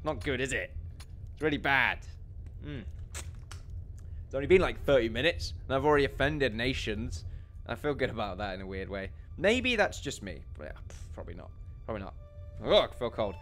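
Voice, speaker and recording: A man's voice: mid-range voice, expressive, brisk, long pauses, fairly bright tone. A young man rambling and laughing at himself while commenting on a building game, with faint music underneath. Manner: rambling, self-deprecating, laughs often. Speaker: gaming commentator. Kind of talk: casual let's play commentary.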